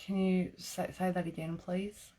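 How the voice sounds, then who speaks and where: A woman's voice: fairly low pitch, flat delivery, a little slow, dark tone. A woman giving live-streamed psychic readings in a chatty way, laughing often and filling her talk with "like". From Australia. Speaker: psychic reader.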